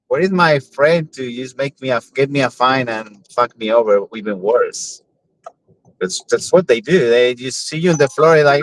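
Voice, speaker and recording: A man's voice: mid-range voice, unhurried, a bit bright, slight background noise, rough recording. A man driving for a ride-share app and chatting on a live stream from inside his car, joking, swearing and repeating words in a sing-song way. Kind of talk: casual live-stream chat.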